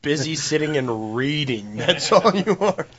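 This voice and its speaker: A man's voice: a little high, expressive, a little slow, a bit bright. A man in a casual chat, answering hesitantly and bashfully with laughs. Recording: dull lo-fi sound.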